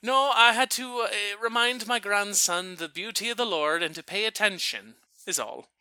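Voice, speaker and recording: A man's voice: sits high, moderate pace, sharp tone, clean tone, dry recording, voice pushed up, exaggerated voice. A man putting on the voice of his feisty elderly Irish grandmother as he tells a story. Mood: curt.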